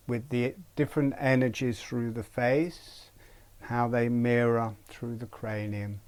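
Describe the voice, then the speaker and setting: A meditation teacher with a mid-range voice guides a breathing practice in an online webinar. He speaks gently and haltingly, pausing often.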